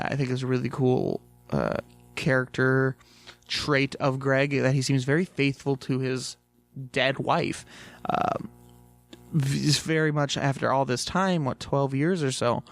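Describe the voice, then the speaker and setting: A man's voice: mid-range voice, fairly even intonation, unhurried, dry recording. A young man casually reviewing a TV episode, rambling with lots of fillers and swearing freely.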